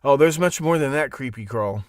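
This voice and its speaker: A man hosting a live podcast, talking in a rambling, animated monologue full of restarts and asides. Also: medium pitch, normal speed, no echo, clean studio sound. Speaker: podcast host. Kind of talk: casual monologue on a live show.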